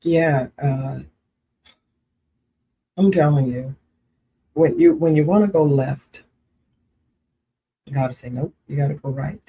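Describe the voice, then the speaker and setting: A woman's voice: sits low, slow, pauses often, lo-fi sound, slight background noise. A woman co-hosting a casual livestream chat, earnest and repeating herself for emphasis. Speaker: co-host.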